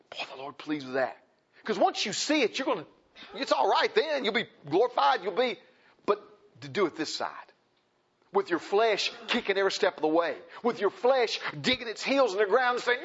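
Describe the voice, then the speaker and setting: Husky preacher, impassioned. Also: male voice, high voice, very animated, normal speed, dull audio. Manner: folksy, impassioned, repeats phrases, swings loud and soft. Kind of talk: sermon.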